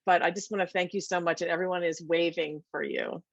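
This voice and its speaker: A woman's voice: on the low side, steady tone, a little fast, gravelly, dry recording. Woman instructor moderating, gushing with praise, dry dull call audio. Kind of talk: moderating presentations on a video call. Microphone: video call.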